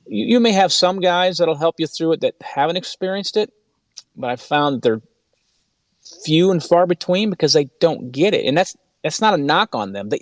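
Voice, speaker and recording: A man's voice: on the high side, dry recording. A man speaking as an author and interview guest, telling stories earnestly with frequent restarts and repeated words. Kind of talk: conversational interview storytelling.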